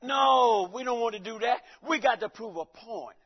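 A high-voiced man preaching in a church with a folksy, joking manner, calling out to his listeners and breaking into shouts. The recording sounds dull and lo-fi. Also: normal speed. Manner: folksy, joking, calls out to the congregation. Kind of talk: sermon.

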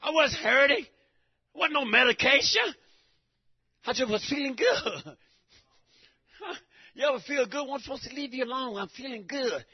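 A man giving a preaching testimony in church, emphatic and repetitive, breaking into shouts. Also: extremely high pitch, moderate pace, long pauses, breathy edge. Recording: dull lo-fi recording.

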